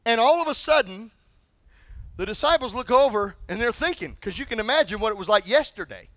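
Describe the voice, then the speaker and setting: A male pastor preaching a sermon in an animated, humorous storytelling manner. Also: very high voice, brisk, no room sound.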